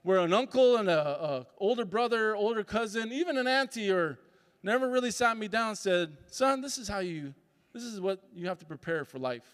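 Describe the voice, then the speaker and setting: A man's voice: high voice, animated, brisk, a bit bright, clear, resonant tone. A man giving a motivational talk as a summit speaker. He tells stories and acts out voices and sounds. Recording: reverberant hall.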